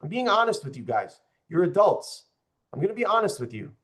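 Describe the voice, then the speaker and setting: A man's voice: high-pitched, very animated, brisk, a bit bright. A young man, a political candidate, speaking passionately and with open frustration to a group, addressing the audience directly. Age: young adult. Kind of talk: campaign speech to a group.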